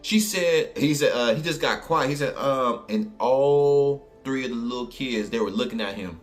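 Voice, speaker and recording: A man's voice: medium pitch, moderate pace, faint music behind. A man with a New Orleans accent telling a story in a casual, colloquial way, full of fillers and asides. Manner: animated, colloquial, many fillers.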